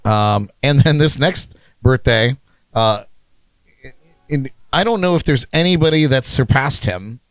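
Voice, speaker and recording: A man's voice: medium pitch, animated, a little slow, a bit bright, smooth, no echo. A man hosting a casual podcast chat, rambling with lots of fillers and frequent laughs. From United States. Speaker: podcast host.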